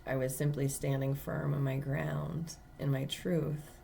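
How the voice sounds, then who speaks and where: Low-voiced woman, earnest spiritual talk. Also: flat delivery, measured pace, creaky, mellow, a little hiss or hum. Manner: earnest, emphatic storytelling with many fillers. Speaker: tarot reader. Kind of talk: casual spiritual monologue.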